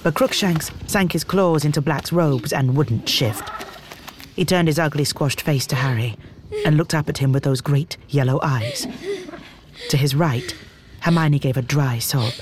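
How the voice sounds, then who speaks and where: An audiobook narrator reading fantasy in a measured, dramatic storytelling manner. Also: mid-range voice, noisy background. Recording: music bed under narration. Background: background music.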